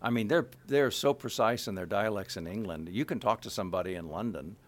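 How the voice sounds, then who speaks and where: Chatty man with a neutral general american voice. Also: fairly quick. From Kansas City area. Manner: rambling with many restarts and fillers; animated, shifts pitch to illustrate points. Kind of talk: casual interview chat.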